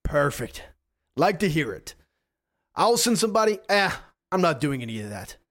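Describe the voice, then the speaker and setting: A man's voice: a little high, sing-song, moderate pace, fairly bright tone, voice pushed up. A man doing a swaggering, domineering superhero boss. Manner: swaggering, threatening. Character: world's top superhero, boastful, domineering man.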